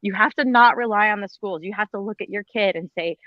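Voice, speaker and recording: A woman's voice: mid-range voice, a little fast, dry recording. Impassioned woman teacher on a dull call. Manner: emphatic, pleading, blunt with mild swearing. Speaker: former teacher, panelist. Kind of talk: impassioned panel talk.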